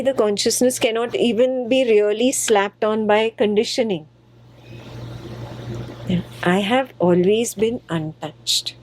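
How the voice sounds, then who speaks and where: A woman explaining a spiritual text to a group of students at a medium, ordinary pitch. She talks patiently and playfully and repeats short phrases for emphasis. A faint hiss of noise sits under her voice. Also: darkish tone, low-quality recording. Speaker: spiritual teacher.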